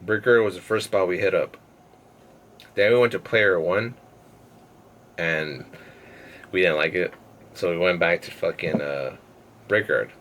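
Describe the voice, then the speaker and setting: A man's voice: low-pitched, measured pace, long pauses, a bit bright, slight background noise. A young man, a podcast guest, telling a rambling, profane story in casual chat and laughing between phrases.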